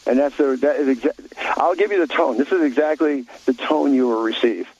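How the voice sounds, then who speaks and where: A man's voice: medium pitch, a little fast, darkish tone, slightly rough, dull audio. A man talking bluntly in an opinionated talk show chat, rambling with many restarts and fillers.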